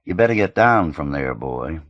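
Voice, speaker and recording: A man's voice: extremely low pitch, sing-song, normal speed, no room sound, muffled recording. A man reading the part of a menacing young street tough who drawls taunts and threats, in an audiobook. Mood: taunting.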